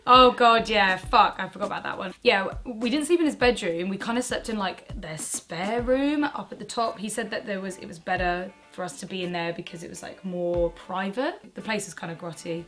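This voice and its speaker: A woman in her twenties, co-hosting a casual chat and telling a frank, animated story with plenty of swearing. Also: mid-range voice, brisk, few pauses, faint music behind. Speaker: co-host.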